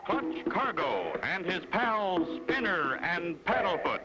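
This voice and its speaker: A man's voice: sits high, very animated. Dramatic old-time cartoon announcer, male. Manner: slow, emphatic delivery of the title. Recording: dull lo-fi old cartoon soundtrack.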